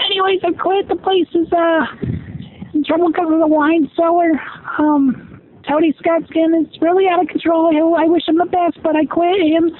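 A woman playing a tearful fed-up office worker, very high. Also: fairly even intonation, a little hiss or hum. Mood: upset. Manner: halting, tearful complaining. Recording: tinny phone-like lo-fi.

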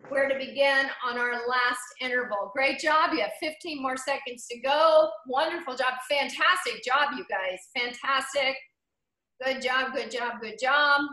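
A female cycling instructor leads an online class in a high, bright voice, upbeat and encouraging as she calls out riders by name and counts down seconds, cadence, and each interval. Her sound is roomy and echoey, as if coaching over a video call.

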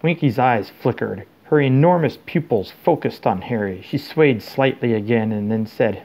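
A man reading a novel aloud to his children at a steady pace. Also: mid-range voice, normal speed, hardly any pauses.

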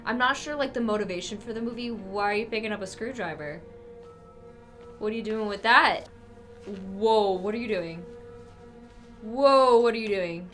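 A woman hosting a movie reaction, excitable, gasping and breaking into loud outbursts. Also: medium pitch, normal speed, faint music behind.

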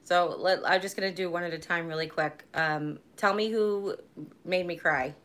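Chatty low-voiced woman in her forties. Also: steady tone, normal speed, a bit bright. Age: 40s. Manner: chatty and rambling, laughs easily. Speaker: vlogger hosting a live stream. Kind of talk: casual live-stream chat.

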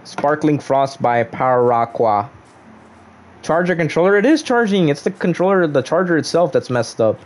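A young man casually commentating his own game livestream, playful and animated as he jokes with viewers. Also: a little high, moderate pace. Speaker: streamer.

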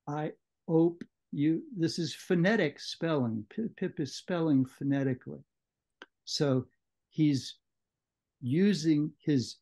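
A man leading a book club discussion, explaining a novel in a measured lecturing way, on muffled audio. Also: on the high side, mellow. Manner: measured, explanatory, with occasional restarts. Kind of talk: literary lecture.

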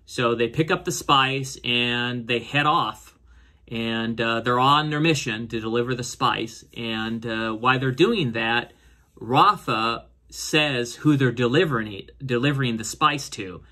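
Bright-voiced man rambling through a recap. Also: measured pace. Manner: rambling, many fillers and restarts; voices characters' lines with raised pitch. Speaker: show reviewer. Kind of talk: casual episode recap and commentary.

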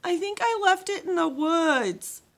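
A woman's voice: very high-pitched, expressive, measured pace, a bit bright, voice pushed up, full character voice. A woman voicing a whiny young girl camper in a storybook reading. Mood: wailing. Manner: wailing, whiny.

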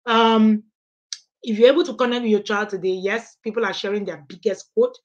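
A woman's voice: medium pitch, steady tone, fairly quick, highs cut off. Emphatic woman coaching parents. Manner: emphatic, repeats points, checks in with "okay?". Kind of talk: live online parenting class with Q&A.

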